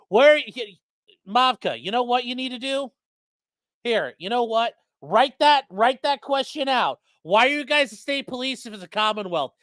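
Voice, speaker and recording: The host's medium-pitched voice moves at normal speed, captured dry and at studio quality. Chatting casually at home, they go through viewer messages out loud, swear without restraint, ramble animatedly, and take moments to soothe the dog.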